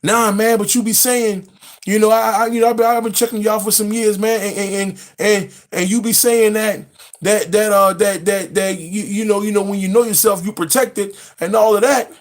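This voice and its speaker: Guy putting on a nervous rich dude on the phone, stammering, high-ish voice, you know you know. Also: steady tone, moderate pace, close to an everyday voice. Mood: defensive. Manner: stammering, full of fillers. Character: scared rich man caller, rambling and stammering.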